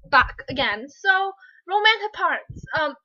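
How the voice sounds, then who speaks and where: A young woman reviewing a book in a casual vlog, gushing and rambling with excitement. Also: high voice, moderate pace, highs cut off.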